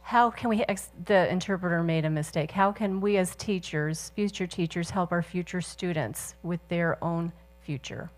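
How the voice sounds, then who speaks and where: A woman's voice: lowish voice, normal speed, hardly any pauses. Earnest woman asking interview questions.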